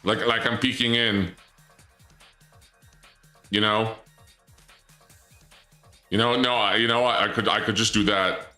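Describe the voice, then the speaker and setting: Goofy male streamer, bright and roomy. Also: fairly low pitch, unhurried, long pauses. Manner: goofy, joking with chat, voice jumps up when excited. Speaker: game streamer. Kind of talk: casual let's-play commentary. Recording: echoey room with game music underneath.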